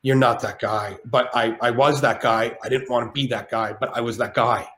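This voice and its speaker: A man telling a story as a podcast guest, animated and rambling, with plenty of swearing. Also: mid-range voice, brisk, echoey room, a little hiss or hum. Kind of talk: casual storytelling.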